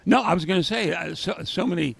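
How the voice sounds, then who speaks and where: A man's voice: high-pitched, quick pace, gravelly, breathy edge. A man hosting a podcast, wrapping up the episode in casual chat. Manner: closing the show, upbeat. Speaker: podcast host.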